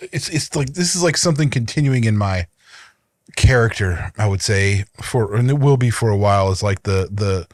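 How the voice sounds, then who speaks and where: A man's voice: medium pitch, no echo, clean studio sound. Rambling man co-hosting a chat show. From United States. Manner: rambling, many restarts and fillers. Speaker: podcast co-host. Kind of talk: casual chat.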